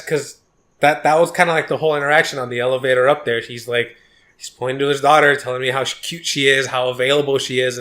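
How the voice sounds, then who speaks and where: Male podcast co-host, rambling storyteller, curses freely, bright tone. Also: mid-range voice. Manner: rambling, profane, many restarts. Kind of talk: casual chat, storytelling.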